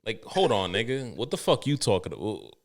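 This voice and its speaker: Man, podcast host, casual chat, lowish voice, animated, cursing, laughing. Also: fairly quick.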